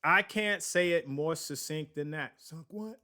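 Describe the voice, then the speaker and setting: Male podcast host, slow and rambling, a bit high-voiced, talks money with a live chat. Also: sharp tone. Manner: rambling, digressive, laughs at himself; slow, drawn-out delivery with many fillers. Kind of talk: casual finance talk on a livestream.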